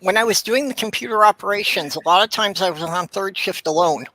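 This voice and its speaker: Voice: medium pitch, a little fast, pushed and bright. A speaker in a casual chat, talking in a wry, matter-of-fact way.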